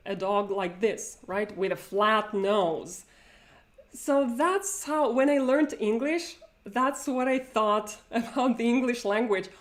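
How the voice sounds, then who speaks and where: A woman's voice: mid-range voice, darkish tone. A woman whose first language is Russian, teaching a chatty live online lesson over a video call, with frequent fillers and laughs.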